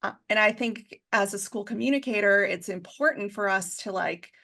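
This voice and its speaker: A woman who works in school district communications, talking as an interview guest in a chatty, casual way, full of filler words and quick to laugh. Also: medium pitch, gravelly, pushed and bright. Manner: chatty, heavy use of 'like' fillers, laughs easily.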